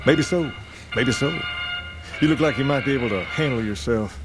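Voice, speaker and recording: An actor voicing a laid-back, drawling crime boss with a crooner's swagger in a video game. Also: male voice, medium pitch, animated, moderate pace, music in the background, natural voice. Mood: easygoing.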